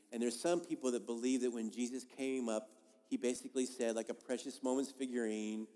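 Man preaching in a reverberant hall. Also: mid-range voice. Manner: conversational, emphatic preaching that swings between loud and soft. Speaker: pastor. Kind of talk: sermon. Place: church sanctuary. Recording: long reverb of a large hall.

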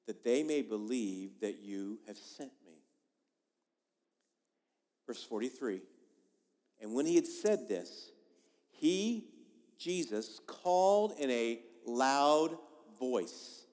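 A man as a pastor giving a sermon in a church, preaching in a conversational but emphatic way and swinging between loud and soft. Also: mid-range voice. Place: church sanctuary. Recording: long reverb of a large hall.

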